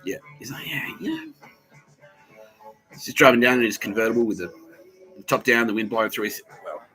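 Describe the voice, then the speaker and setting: Here the host's pitch sits fairly low, his pace quick and his tone sharp, with soft music underneath and a low-quality recording. Alone on his podcast, he rambles crudely, jokes, laughs often, and speaks to someone who isn't present.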